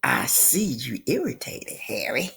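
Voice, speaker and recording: A woman's voice: rumbling low, very animated, a little slow, vocal fry, a bit bright, slightly rough, in a whisper, pitched below the performer's own voice, heavily acted. Woman doing taunting woman character, mocking, teasing. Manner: mocking, laughing.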